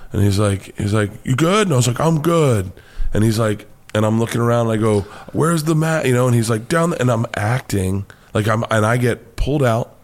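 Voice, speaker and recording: An American man, a comedian guest, telling a wild story with lots of swearing and high-pitched acted-out quotes. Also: fast talker, few pauses. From United States. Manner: excitable, swears freely, acts out quotes in a high voice. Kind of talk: animated storytelling.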